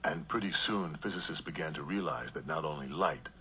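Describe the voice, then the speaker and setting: A man reading an audiobook, voicing a male expert who explains physics in a gruff, flat monotone. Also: rumbling low, a little fast, a little hiss or hum. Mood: lecturing. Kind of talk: audiobook narration.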